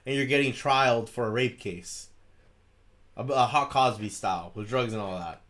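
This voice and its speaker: A man co-hosting a casual podcast over a video call, talking loosely and excitably, swearing and laughing often. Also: mid-range voice, moderate pace. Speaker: podcast co-host.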